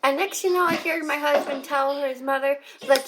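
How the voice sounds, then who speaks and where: A woman's voice: high voice, moderate pace, hardly any pauses, rough recording. A young woman vlogger telling a personal story, talking straight to her viewers in a chatty way. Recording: clear steady background noise.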